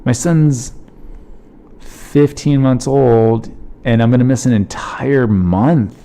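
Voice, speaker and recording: A man's voice: mid-range voice, takes it slowly, warm tone. A man in his thirties, a comedian hosting his own podcast, talking alone in a rambling, heartfelt way with lots of fillers. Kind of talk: casual solo podcast monologue.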